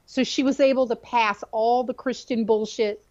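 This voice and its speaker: A woman guest telling a personal story in an animated, expressive way during a conversation. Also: on the high side, moderate pace, dull audio.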